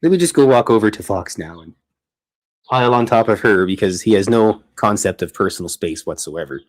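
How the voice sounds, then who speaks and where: This streamer host has a lowish, brisk voice with lively intonation. He runs a relaxed livestream from the art studio in his home, drawing while he talks, wandering off topic and cutting his own sentences short in a chatty way.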